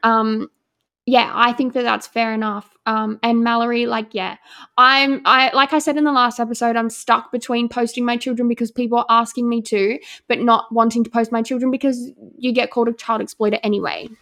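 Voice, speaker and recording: A woman's voice: fairly high pitch, level tone, brisk, a bit bright. A young woman co-hosting a podcast in casual chat, emphatic and full of "like". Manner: chatty, emphatic, lots of likes. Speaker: podcast co-host.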